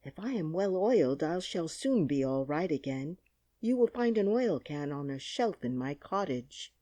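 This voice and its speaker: A woman's voice: low voice, expressive, normal speed, mellow, no echo. Woman voicing a mournful tin woodman. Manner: mournful and plain. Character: sad male tin woodman, rusted stiff. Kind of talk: audiobook character reading.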